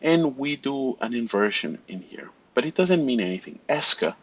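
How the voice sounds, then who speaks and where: A man's voice: medium pitch, sing-song, normal speed, breathy edge, rough recording. A man teaching a French class, explaining grammar step by step and often checking in with "right?". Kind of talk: recorded classroom lecture.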